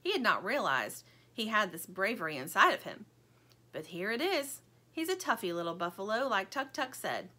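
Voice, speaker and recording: A woman reading a children's storybook aloud in an expressive, animated storytelling manner. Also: mid-range voice. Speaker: audiobook narrator.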